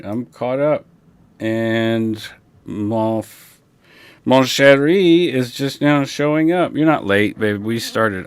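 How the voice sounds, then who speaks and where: A man hosts a casual livestream, chatting and rambling at an unhurried pace. His voice is on the low side, smooth and clear, and he talks through a broadcast console. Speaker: livestream host. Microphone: broadcast console setup.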